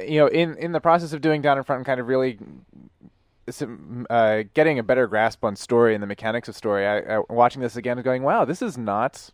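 A man's voice: medium pitch, fast, no room sound, clean studio sound. A man co-hosting a movie commentary podcast, hesitant and swearing casually as he thinks aloud. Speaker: podcast co-host.

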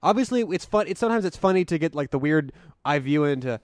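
A man's voice: on the high side, animated, fast talker, dry recording, clean studio sound. Joking man keeping the podcast on time. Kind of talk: casual chat.

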